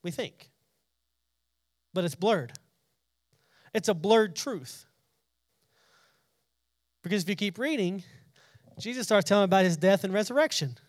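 A man's voice: sits high, expressive, measured pace, long pauses, dry recording, studio quality. A man preaching a casual Bible study, talking conversationally, often repeating and restarting words, and paraphrasing scripture in everyday speech.

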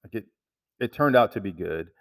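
A man telling a story about work in casual conversation, halting and restarting, with lots of "like" fillers. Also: fairly low pitch, animated, no room sound, recorded from a distance.

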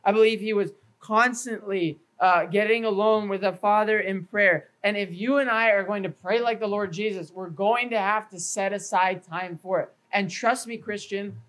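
A man preaching an evening sermon at a church in an earnest, steady way. He walks his listeners through numbered points and scripture references. Now and then he trips over a word and repeats it before pressing on. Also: high voice, poor audio. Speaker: pastor.

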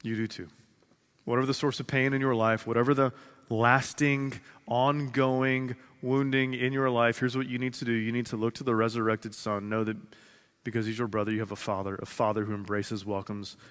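A man's voice: mid-range voice, little pitch movement, smooth. Earnest man preaching in an echoing hall. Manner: earnest, repeats phrases slowly for emphasis, swings from loud to hushed. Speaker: pastor. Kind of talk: sermon. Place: large church sanctuary. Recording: long reverb of a large hall.

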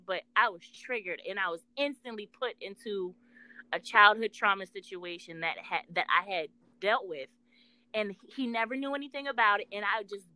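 A woman with a mid-range, sharp-toned voice co-hosts a casual talk, captured on poor audio. A podcast co-host and spiritual intuitive worker, she tells stories about love and healing in an earnest, emphatic way, swearing as she goes.

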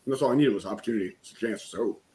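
A man's voice: fairly low pitch, very fast, over a noisy crowd. Candid man telling a personal story. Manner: candid, keeps saying "right?". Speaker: guest, business coach. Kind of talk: emotional storytelling in conversation.

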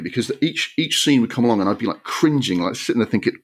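A man's voice: medium pitch, lively intonation, fast talker, few pauses, slightly rough. A man hosting a podcast, giving an exasperated, sweary and sarcastic film review rant. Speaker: podcast host.

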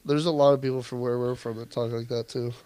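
A man's voice: medium pitch, level tone, quick pace, crowd noise. A man co-hosting a chat in casual, crude banter, playful and giggly.

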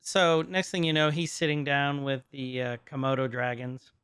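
A man's voice: medium pitch, flat delivery, moderate pace, a bit bright, clear, resonant tone, dry recording, clean studio sound. A man co-hosting a casual podcast, recapping an episode, laughing often and stumbling over names. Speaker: podcast co-host.

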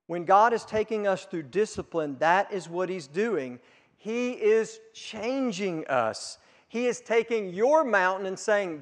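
A man preaching a sermon, swinging from quiet, hushed asides up to loud, emphatic peaks. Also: high-pitched. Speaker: pastor. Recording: long hall reverb.

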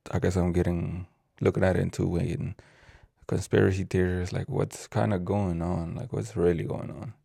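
A man's voice: low-pitched, little pitch movement, moderate pace, gravelly, dark tone, breathy edge, no room sound, clean studio sound. A man from ranting casually on his own video, profane and rambling, stumbling over words as he reads the news aloud. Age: adult with a child. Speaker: vlogger.

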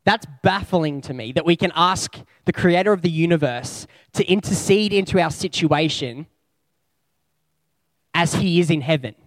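With a slightly high voice and a relaxed, conversational manner, this preacher reflects on his points and unspools words in slow lists. The recording is close-miked and dry.

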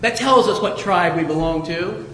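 A middle-aged pastor from Southwest Ohio preaching a sermon in a conversational, storytelling way, chuckling now and then. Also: male voice, high voice, moderate pace, sharp tone, slight background noise. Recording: echoey hall with reverb.

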